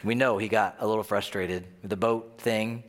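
A man preaching a sermon in a conversational, animated way, often acting out bits of dialogue. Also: on the low side, moderate pace. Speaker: pastor. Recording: long reverb of a large hall.

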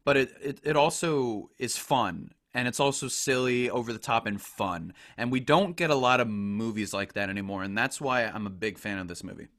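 A man's voice: medium pitch, normal speed, few pauses, fairly bright tone. A man co-hosting a casual podcast chat, enthusiastic and rambling, full of "like" fillers. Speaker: podcast co-host.

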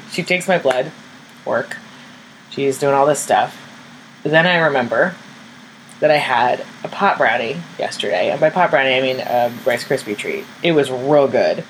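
A young woman with a low voice tells a personal story as a podcast host. She is candid and self-mocking, swears freely and acts out the people she quotes. A faint hum of air conditioning sits behind her. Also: low-quality recording.

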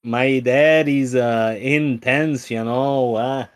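A man putting on a rambling Midwestern accent as a gruff middle-aged dad, trailing off as he goes. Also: mid-range voice, fairly even intonation, slow, natural voice. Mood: mock bluster.

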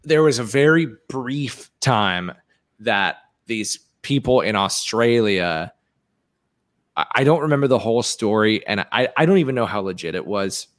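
A man from England appears as a guest musician on a podcast, chatting casually and telling stories with animated, jokey energy and plenty of swearing. His voice is lowish and his speed normal.

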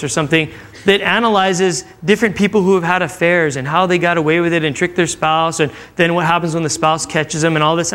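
Chatty youth pastor with a higher voice. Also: male voice, fairly bright tone. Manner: conversational, acting out quotes, asks the crowd questions. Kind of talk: sermon to a live audience. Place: church room with audience.

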